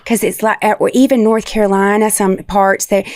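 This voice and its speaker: A woman's voice: medium pitch, steady tone, moderate pace, darkish tone, no room sound, studio quality. A woman from the American South, a podcast guest, chatting and telling stories with laughing impressions. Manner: chatty, laughing storyteller who mimics voices. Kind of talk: casual interview chat.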